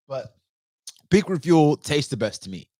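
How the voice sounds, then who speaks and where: An outdoor vlogger, a young man, chats loosely and animatedly to his camera, cursing without a second thought. His pitch swings widely up and down as he rambles, and the audio is dry and close with no room echo.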